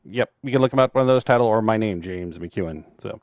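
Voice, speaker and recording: A middle-aged man co-hosting a casual podcast, telling jokey stories and sometimes bursting into loud yells. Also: lowish voice, fast, no echo. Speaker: podcast co-host, author. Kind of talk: casual chat.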